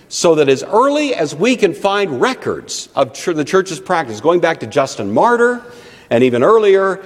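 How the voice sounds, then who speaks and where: A man preaching a teaching sermon in an animated, conversational way with frequent asides. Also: mid-range voice. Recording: long reverb of a large hall.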